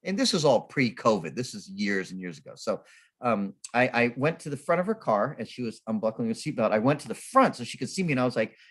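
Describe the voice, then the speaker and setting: Animated self-mocking male storyteller. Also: medium pitch, fast. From Sacramento, California. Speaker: guest speaker at a temple service. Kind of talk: storytelling talk.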